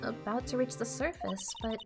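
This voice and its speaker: A woman's voice: fairly high pitch, expressive, normal speed, vocal fry. A woman voicing an eager, inquisitive teenage girl who talks earnestly. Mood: wondering. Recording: faint game music behind.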